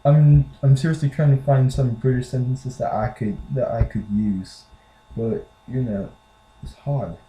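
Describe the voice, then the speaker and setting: A man's voice: medium pitch, steady tone, unhurried, dark tone. An American man chatting casually to the camera, rambling with lots of fillers. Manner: rambling, with lots of "like" and "you know". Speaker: vlogger. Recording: echoey room.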